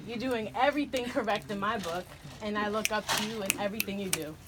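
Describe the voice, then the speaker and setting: A woman giving a tender, halting birthday toast to her sister. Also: medium pitch. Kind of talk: heartfelt party speech. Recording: noisy room with a crowd.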